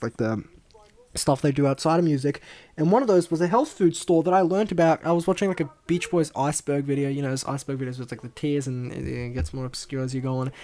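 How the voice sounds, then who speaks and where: A young man with a higher-pitched voice gives a loose, casual commentary on his own videos. He rambles and makes fun of himself, drifting between low mumbles and sudden excited outbursts. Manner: rambling and self-deprecating, with many fillers; lively, swinging between mumbling and excited bursts. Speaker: video creator.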